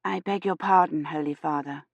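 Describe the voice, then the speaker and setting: A woman voicing a young woman historian who talks softly and apologetically. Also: deep voice, moderate pace, gravelly, no room sound, dull audio. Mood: apologetic. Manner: soft, apologetic. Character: young woman historian, frightened but polite.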